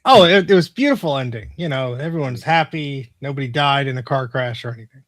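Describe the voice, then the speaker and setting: A man's voice: mid-range voice, expressive, fairly bright tone, dry recording, clean studio sound. A man trading teasing jokes in a casual livestream chat. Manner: jokey, teasing, quick quips. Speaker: regular co-host.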